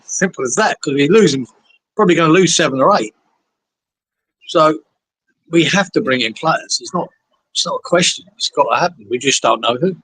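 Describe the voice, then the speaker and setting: A man's voice: a little high, lively intonation, normal speed, pauses often, a bit bright, husky, low-quality recording. A man in a casual football fan chat, talking bluntly and swearing, calling others geezer. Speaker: podcast co-host.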